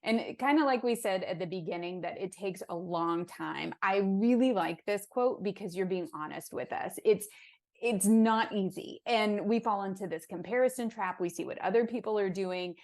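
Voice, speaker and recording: A woman's voice: medium pitch, moderate pace. Host, woman, mid-range voice, affirming and encouraging with her guest. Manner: warmly affirming, encouraging, reads quotes aloud. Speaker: podcast host. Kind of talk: interview hosting.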